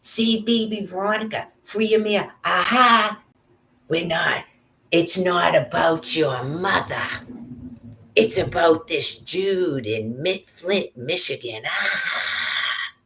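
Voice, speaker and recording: A woman's voice: lowish voice, a little slow, few pauses, a little hiss or hum, voice pushed up. A woman putting on a sneering, sing-song voice to mock a gloating woman.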